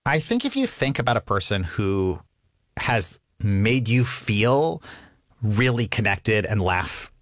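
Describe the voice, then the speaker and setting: A man speaking as a comedian guest in an interview, his voice lively and full of pitch swings. He laughs often and acts out little quoted bits of dialogue. The recording is dry and close. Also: takes it slowly, dry recording. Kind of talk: conversational interview answers.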